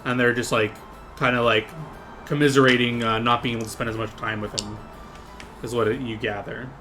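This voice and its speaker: A man's voice: mid-range voice, little pitch movement, brisk, bright, forceful tone, soft background music. Rambling man running a tabletop game. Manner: casual, rambling, many fillers. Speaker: game master.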